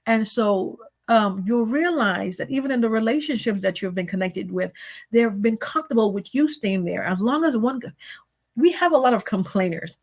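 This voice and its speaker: A woman's voice: a little high, animated, normal speed. A woman preaching a sermon in a conversational way, repeating phrases and asking rhetorical questions.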